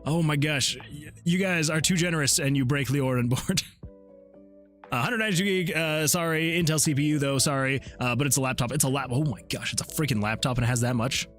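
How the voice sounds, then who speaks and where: A man's voice: on the high side, a little fast, fairly bright tone, faint music behind. A man, an indie game developer, chatting casually on a livestream into a desk microphone, reading chat messages aloud and chuckling often. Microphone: desktop USB microphone.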